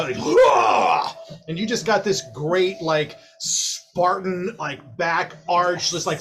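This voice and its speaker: A man's voice: on the high side, slight background noise. A man narrating a tabletop game as game master, vivid and playful, laughing often.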